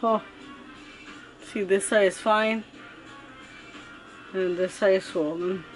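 A woman's voice: mid-range voice, fairly even intonation, slow pace, faint music behind. Woman vlogging through ear pain. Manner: talks with her mouth barely open because her ear hurts. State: in pain with a swollen ear and sore throat. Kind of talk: casual home vlog. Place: home kitchen.

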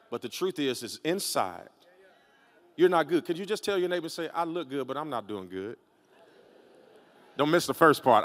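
A male pastor preaching a sermon in a large church, dramatic, sliding from low quiet talk up to shouting. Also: lively intonation, moderate pace, pauses often, long reverb tail. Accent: Southern US.

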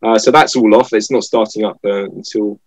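A man's voice: fairly low pitch, brisk, husky, dry recording, rough recording. A British man in his thirties, a guest telling anecdotes in casual chat. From Britain. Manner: lively anecdotal storytelling. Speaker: guest, fencer.

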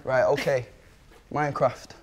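A man's voice: mid-range voice, fairly even intonation, measured pace. A man with a Manchester accent hosting a dating show, blunt, teasing and sweary in casual banter. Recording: chattering crowd behind.

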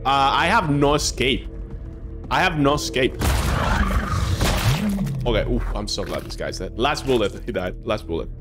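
A young man giving jokey, excitable commentary while playing a game, swearing and reacting loudly. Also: mid-range voice, normal speed, long pauses. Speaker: gaming streamer. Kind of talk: let's play commentary. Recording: music playing behind.

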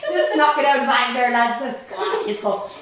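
A woman's voice: on the high side, fairly quick, fairly bright tone, slight background noise. An Irish woman leading a live-streamed workout class from home. She cheers people on and counts down. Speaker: fitness instructor. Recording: echoey room.

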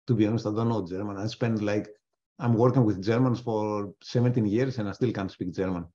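A man's voice: fairly low pitch, fairly even intonation, brisk, warm tone. A man hosting a live trading webinar, thinking aloud as he trades, often restarting his sentences and tossing in joking asides. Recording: dull lo-fi webinar audio.

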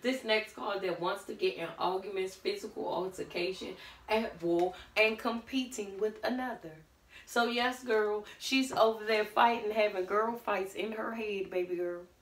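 A woman's voice: medium pitch, steady tone, unhurried, distant mic. A woman doing a casual tarot reading, sassy and blunt, calling the listener honey and baby girl. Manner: sassy, blunt, calls listener pet names. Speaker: tarot reader. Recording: roomy echo, off-mic.

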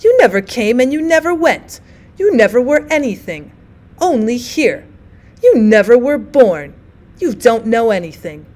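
A woman voicing a bitter, despairing bedridden old woman, loud and accusing. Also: a little high, very animated, a little slow.

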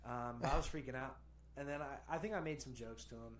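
A man's voice: medium pitch, fast talker, a crowd in the background. A young man in casual podcast chat, telling a story in a loose, rambling way with plenty of fillers. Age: young adult. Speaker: podcast co-host.

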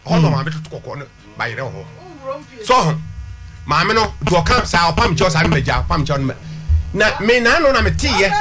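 A man's voice: fairly high pitch, very animated, moderate pace, music in the background. A man arguing his side in a talk-show dispute, insistent and repeating figures. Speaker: complainant.

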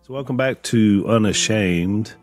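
Male host, low-pitched, easygoing. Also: a little slow, a little mellow, faint music behind. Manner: easygoing, steering the conversation. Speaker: podcast host. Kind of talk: casual chat.

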